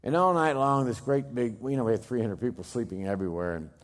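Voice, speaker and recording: A middle-aged man giving a dramatic storytelling speech, emphatic, swinging from loud bursts to hushed low lines. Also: fast talker. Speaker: speaker telling a personal story.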